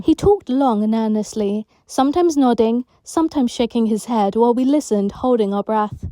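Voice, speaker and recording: A woman narrating a children's audiobook in a lively storytelling manner, recorded at home. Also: fairly high pitch, moderate pace, few pauses, no echo. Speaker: audiobook reader.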